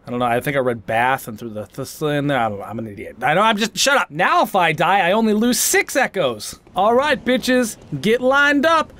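High-pitched guy doing let's play commentary, bouncy voice all over the place, roasting himself and yelling at bosses. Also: fairly quick, few pauses. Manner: excitable, self-mocking trash talk with sudden shouts. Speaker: gaming channel host.

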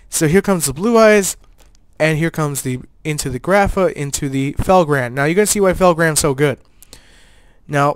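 A man's voice: fairly high pitch, clear, resonant tone, dry recording. A man giving casual, joking commentary over a card game he played, with laid-back gamer slang. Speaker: player and channel host.

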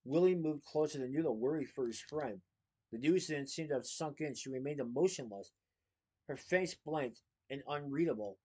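A man reading a children's book aloud, steady with small slips and restarts. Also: on the high side, normal speed.

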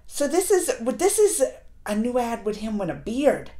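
A woman's voice: a little high, big pitch swings, measured pace, very noisy. A woman hosting a fan reaction video, gushing and giddy, laughing often and talking straight to her viewers. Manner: playful, talks straight to viewers. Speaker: reaction vlogger.

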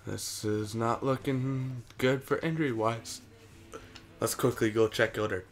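A young man talks through his game in a loose, casual way. His voice sits at an ordinary pitch and jumps up when he cheers or swears. Faint music plays behind him. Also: unhurried. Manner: excitable, cheers and curses at the game. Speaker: gaming commentator.

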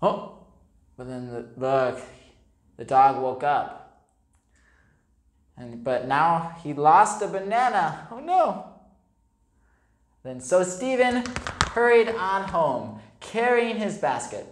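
A woman, an English teacher, reading a picture book aloud to young children, slow and animated, explaining words and adding sound effects. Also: sits low, roomy sound, slight background noise.

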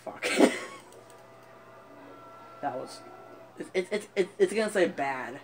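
A man playing a video game, commenting as he plays, often frustrated, swearing, laughing and yelling at the game. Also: sits high, expressive, slow, slight background noise, rough recording. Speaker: gaming YouTuber. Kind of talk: let's play commentary. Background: game music.

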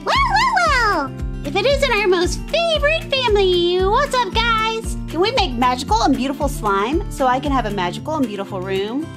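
A woman plays Fizzy, a bubbly magical helper in a children's cartoon with a squeaky, very high voice. The chant swoops up and down in a sing-song way, with bright kids' music playing underneath. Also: sing-song, normal speed. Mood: exuberant.

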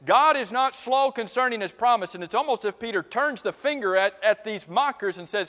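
A man with a high voice preaches in a church, and long reverb trails each phrase through the sanctuary. He keeps firing questions at the congregation and repeats his words for emphasis. The talk is interactive and unscripted. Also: expressive, brisk, hardly any pauses, bright, forceful tone. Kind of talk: interactive sermon.

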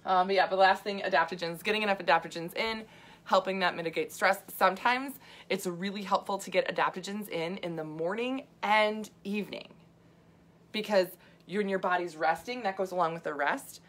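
A woman's voice: medium pitch, a little fast, a bit bright. A middle-aged woman health coach talking casually to viewers, chatty and full of asides and fillers, laughing often. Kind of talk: casual livestream talk.

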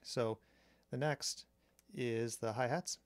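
A man calmly explaining a drum machine's sounds step by step, pausing between phrases as he demonstrates. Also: mid-range voice. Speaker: synth reviewer. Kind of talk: technical demo narration. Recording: strong mains hum on the mic.

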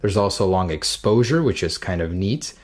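A man's voice: low-pitched, animated, moderate pace. A man giving a casual, upbeat and chatty walkthrough as a tech reviewer.

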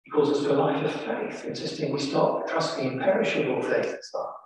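A man's voice: mid-range voice, steady tone, fairly quick, slight background noise. A man with an English accent preaching a sermon, telling a story with dramatic emphasis. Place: large church. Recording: echoey church from far off.

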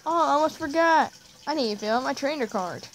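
Casting: woman voicing a keen boy adventurer, higher voice, faint hiss behind. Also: animated, fairly quick, a bit bright. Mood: eager. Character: eager boy hero setting out on adventure.

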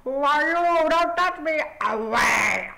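A frail, confused old mother wavers through slow, drawn-out lines, her pitch climbing and falling in lively swings, as a man puts her on during a game. The tone is bright and thin, and her fretting tips into shrill panic. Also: gravelly, slight background noise, heavily acted, poor audio. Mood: panicked. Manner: wavering, drawn-out and fretful, flaring into shrieks. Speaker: game player voicing characters. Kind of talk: let's-play voice acting.

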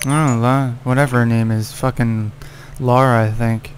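A man's voice: medium pitch, steady tone, normal speed, soft background music. Cursing, exasperated male gamer. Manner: profane, exasperated, yelling at the game character. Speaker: let's play gamer. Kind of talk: casual gameplay commentary.

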